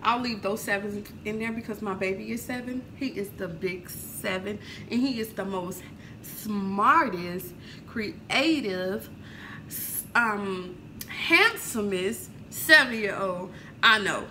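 A woman's voice: medium pitch, slow pace, sharp tone, a little hiss or hum, rough recording. A woman in her thirties chatting casually in a home kitchen vlog, laughing and swearing freely. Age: 30s. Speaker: vlogger. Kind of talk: casual cooking vlog chat.

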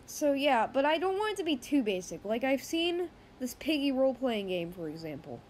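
A woman's voice: high voice, very animated, moderate pace, darkish tone, a little hiss or hum. A woman hosting a casual gaming news roundup, chatty and rambling, often correcting herself mid-sentence.

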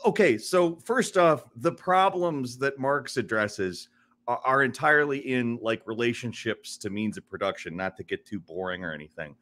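A man's voice: medium pitch, normal speed. A man guesting on a casual podcast, rambling with many restarts and laughing easily. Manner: rambling, restarts often, laughs easily, animated when worked up.

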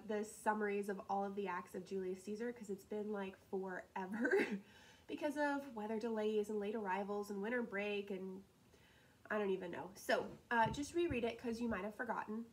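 A woman teacher talking through class assignments in a casual, upbeat way, with frequent laughs and quick asides. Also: mid-range voice, low-quality recording. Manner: chatty and upbeat, laughs often, drops into asides. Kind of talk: casual recorded lesson walkthrough.

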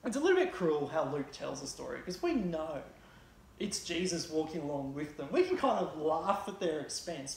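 A woman's voice: medium pitch, a little mellow, echoey room. Chatty woman preaching in a church. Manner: chatty, conversational retelling with fillers. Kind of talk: sermon.

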